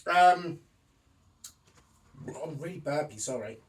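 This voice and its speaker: A man's voice: a little high, slow pace, recorded from a distance. A middle-aged man hosting a casual podcast, sighing and swearing in exasperation, sounding hot and sweaty. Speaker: podcast host. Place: hot room indoors. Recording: voice a bit off-mic with faint noise.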